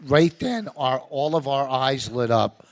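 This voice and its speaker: A man's voice: medium pitch, lively intonation, measured pace. A man from the US East Coast, co-hosting a live comedy podcast, telling stories in a brash, rambling way. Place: live podcast stage before an audience.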